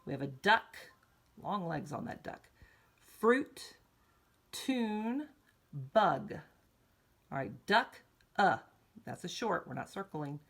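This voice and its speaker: A woman kindergarten teacher runs a phonics lesson in an unhurried, sing-song voice. Her voice sits a little low. She draws out each vowel sound and cheers the children on. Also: big pitch swings, fairly bright tone, husky. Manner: encouraging, talks directly to children. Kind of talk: recorded morning meeting lesson for young children.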